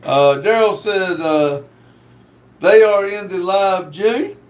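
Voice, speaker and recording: A man hosting a casual livestream, reading viewer comments aloud in a slow drawl. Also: sits high. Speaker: livestream host reading chat.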